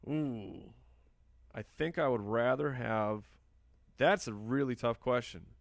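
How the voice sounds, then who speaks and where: A man with a gravelly, fry-tinged voice at a middle pitch talks casually through a live stream, answering viewer questions as he goes. The sound is close and dry, with no room around it. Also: slow, no room sound. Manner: chatty, answers viewer questions while drafting. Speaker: fantasy football podcast host.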